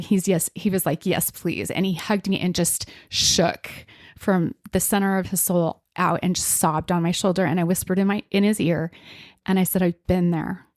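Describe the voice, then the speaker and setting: Expressive woman telling a story on a podcast. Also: fairly low pitch, dry recording, studio quality. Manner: expressive, acts out quotes, frequent fillers. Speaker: podcast host, medium. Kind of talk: storytelling in casual chat.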